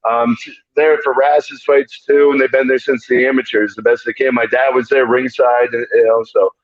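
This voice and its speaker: A man's voice: medium pitch, level tone, moderate pace. A man, a fighter, chatting in a laid-back, rambling way and laughing often. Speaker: bare-knuckle fighter. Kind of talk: casual interview chat. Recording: dull lo-fi audio.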